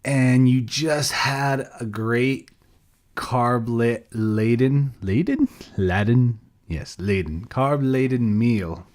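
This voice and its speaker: A man's voice: mid-range voice, slow pace, a little mellow. A sleep-deprived man co-hosting a podcast by himself, rambling casually, losing his thread and laughing at himself. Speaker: podcast co-host.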